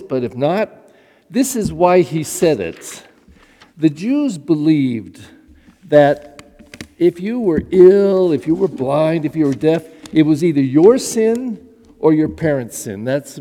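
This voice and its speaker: A man pastor giving a sermon, telling the story with lively asides and restarts, heard in a reverberant hall. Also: on the high side.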